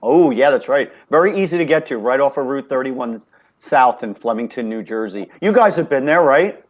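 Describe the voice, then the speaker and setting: A man hosting a casual improv game show over a video call, chatty and quick to laugh, often stammering as he talks. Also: mid-range voice, lively intonation, muffled recording.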